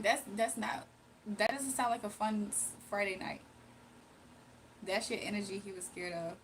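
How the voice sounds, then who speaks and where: Tired and sleepy, the young host drifts through a casual personal story for her livestream viewers, confiding and full of slang. Her voice is medium-pitched and a bit bright, with poor audio and slight background noise.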